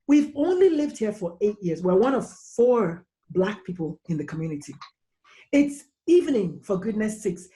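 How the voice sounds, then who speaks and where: A woman's voice: mid-range voice, very animated, moderate pace, mellow. A woman speaking as a podcast guest in a casual discussion, impassioned and blunt, firing emphatic questions.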